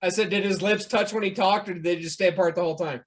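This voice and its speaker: Podcast guest, man, slightly high voice, dry quips. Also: steady tone, fast talker. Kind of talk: casual chat.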